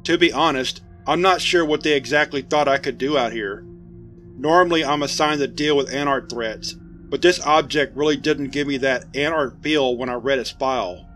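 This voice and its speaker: A man's voice: mid-range voice, normal speed, a bit bright, close to an everyday voice. A man voicing a wry male agent on night watch, speaking in a dry, blunt and sardonic way, with faint music behind.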